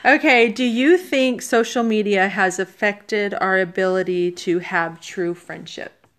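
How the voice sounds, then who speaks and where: A woman's voice: mid-range voice, unhurried, fairly bright tone. A woman hosting a discussion, asking questions and affirming and summing up what her guests say. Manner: affirming, asks questions, sums up. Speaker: host. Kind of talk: hosted discussion.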